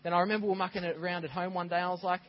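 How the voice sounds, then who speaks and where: Animated preaching man, slightly high voice. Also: very fast, muffled recording. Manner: animated storytelling, acts out scenes. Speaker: pastor. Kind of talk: sermon. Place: church.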